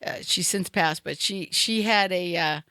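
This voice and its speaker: A woman's voice: fairly low pitch, a little slow, pushed and bright, dry recording, studio quality. A middle-aged woman hosting a comedy chat, telling stories with lots of laughter and acted-out quotes. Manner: laughs often, acts out quoted people. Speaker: comedy podcast host. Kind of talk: casual storytelling chat.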